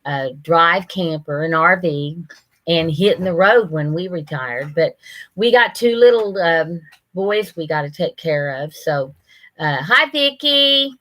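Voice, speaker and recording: Older woman, live-stream host, lowish pitch, bright forceful tone, chatty, laughs easily. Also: lively intonation, measured pace. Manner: chatty, reads out viewer comments and laughs often. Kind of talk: casual live-stream chat.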